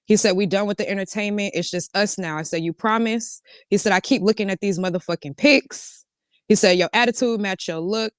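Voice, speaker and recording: A woman's voice: medium pitch, smooth, no room sound, studio quality. A woman telling a casual storytime, reading out a chat exchange line by line and switching between "he said" and "I said". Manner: recounts a back-and-forth, switching between "he said" and "I said". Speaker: storytime vlogger.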